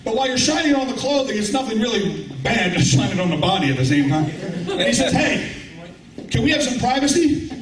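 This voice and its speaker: A man's voice: high voice, animated, fast, few pauses, a crowd in the background. A middle-aged man doing a rambling, crude, self-mocking stand-up comedy set in a club with a live audience. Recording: roomy, distant club recording with loud ambient noise.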